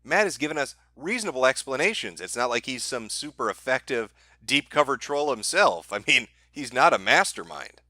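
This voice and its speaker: A man's voice: medium pitch, expressive, moderate pace, few pauses, bright, forceful tone, no echo. A man hosting a live stream, grilling a guest in a sarcastic, mocking and profane way. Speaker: stream host. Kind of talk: confrontational live-stream talk.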